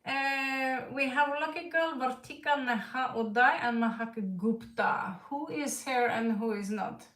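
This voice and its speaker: Woman tarot streamer, light mixed British-Russian accent, halting speech, slightly high voice, echoey room, set back from the mic. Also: a bit bright, recorded from a distance. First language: not English. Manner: hesitant, many fillers and restarts. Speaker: tarot reader. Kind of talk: live stream reading with chat.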